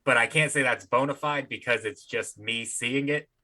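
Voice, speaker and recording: A man with a bright, forceful voice co-hosts a casual comedy podcast. He keeps things laid-back and slips in dry wisecracks. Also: mid-range voice, moderate pace. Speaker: podcast co-host.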